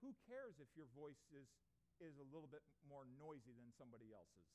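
A pastor preaching an earnest sermon to a congregation, full of rhetorical questions. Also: male voice, medium pitch, big pitch swings, a little fast, mellow. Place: church before a congregation.

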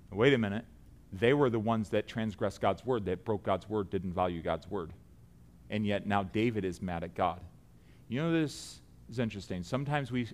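A middle-aged man preaching a sermon, earnest and building to loud emphatic peaks. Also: fairly low pitch.

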